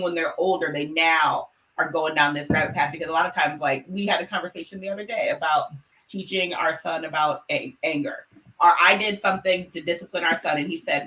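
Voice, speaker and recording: A woman's voice: sits low, fairly even intonation, fairly quick, pushed and bright, poor audio. A woman co-hosting a casual podcast chat, explaining her views earnestly and at length. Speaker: podcast co-host.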